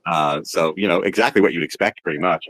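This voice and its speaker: A man's voice: deep voice, fast, a bit bright. A man talking casually about writing for animation, with many ums and restarts. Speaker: animation writer. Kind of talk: casual interview chat.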